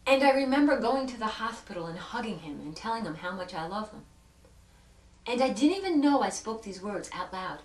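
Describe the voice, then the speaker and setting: A woman with a high voice tells a heartfelt personal story, earnest and full of dramatic pauses. She swings between hushed and loud passages. She sits back from the mic in an echoey room. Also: very animated, recorded from a distance. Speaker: self-help speaker.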